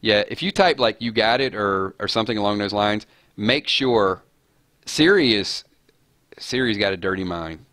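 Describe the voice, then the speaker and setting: A man's voice: lowish voice, moderate pace, a bit bright, no echo, studio quality. A man hosting a casual live-stream chat, rambling and chuckling as he talks. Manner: rambling, chuckling, self-deprecating. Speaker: host.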